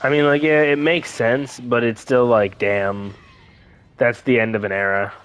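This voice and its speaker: Animated young man retelling a story. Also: mid-range voice, unhurried, clear, resonant tone. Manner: animated storyteller, acting out quotes. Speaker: gaming channel co-host. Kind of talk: casual chat.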